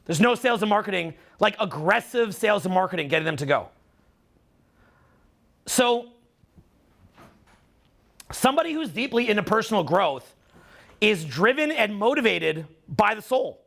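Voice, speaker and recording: A man's voice: high-pitched, big pitch swings, normal speed, creaky, pauses often, a bit bright. A middle-aged Canadian man with a Canadian accent giving a live seminar talk, profane and teasing. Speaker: seminar speaker.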